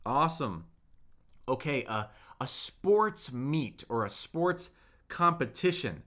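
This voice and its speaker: A man teaching a livestreamed Mandarin lesson, slowly modeling words for viewers to repeat and chatting with the chat between them. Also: fairly high pitch, very animated, a bit bright. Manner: slow, drawn-out modeling of words for repetition; chatty, reads viewer comments aloud.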